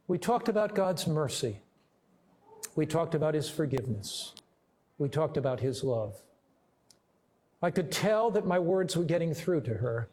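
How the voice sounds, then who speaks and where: A male pastor preaching with deliberate, emphatic storytelling. His voice sits fairly high for a man, and he slows down on key phrases to drive them home. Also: big pitch swings, darkish tone. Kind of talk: sermon.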